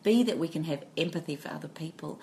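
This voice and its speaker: A woman co-hosting a podcast, talking in a thoughtful, animated way. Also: deep voice, quick pace, vocal fry, slight background noise. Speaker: podcast co-host. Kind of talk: casual reflective chat.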